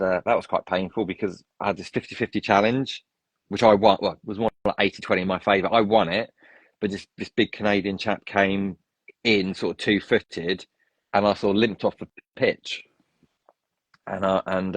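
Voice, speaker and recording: Englishman, low register, rambling anecdotal guest, dry close sound. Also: no echo. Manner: rambling, full of restarts and tangents. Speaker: interview guest. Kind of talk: casual storytelling.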